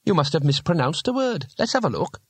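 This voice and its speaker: A male reader voicing a practical, sharp-witted young woman in a storybook, with a raised, lighter voice. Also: fairly high pitch, very animated, fairly quick, husky, dry recording, voice pushed up. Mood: curious. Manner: practical, matter-of-fact.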